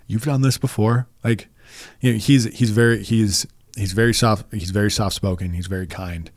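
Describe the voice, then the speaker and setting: Deep-voiced man telling a story haltingly. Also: steady tone, no room sound, clean studio sound. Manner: rambling, halting, with many restarts and fillers. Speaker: podcast guest. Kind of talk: casual storytelling interview.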